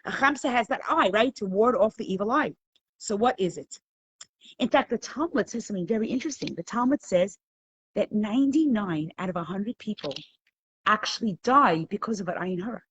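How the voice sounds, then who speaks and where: Animated woman teaching a Torah class. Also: medium pitch, a little fast, husky, highs cut off. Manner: animated storytelling with laughter. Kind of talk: live online class.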